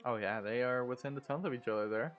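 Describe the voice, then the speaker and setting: A man co-commentating a live sim racing session, easygoing and quick to react, with plenty of fillers. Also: medium pitch, phone-quality sound, slight background noise.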